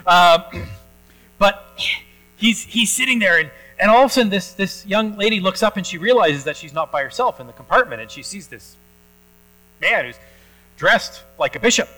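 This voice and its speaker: A male pastor preaching a sermon in a church, telling a story in a relaxed conversational way with frequent pauses and restarts. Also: high voice, soft background music, low-quality recording.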